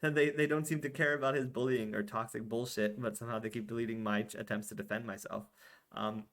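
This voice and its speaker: A man's voice: medium pitch, steady tone, quick pace, fairly bright tone. Exasperated man ranting with frequent swearing. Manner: exasperated, swears often, many fillers and restarts. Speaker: vlog host. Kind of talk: casual ranting monologue.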